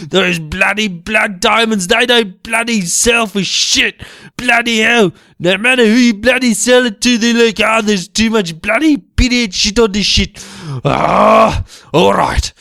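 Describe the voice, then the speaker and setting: A man's voice: sits high, lively intonation, a little slow, creaky, a bit bright, no room sound, clean studio sound, voice pushed up, heavily acted. A man voicing a furious, foul-mouthed caller who rants and swears nonstop. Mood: outraged. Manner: ranting, swears constantly.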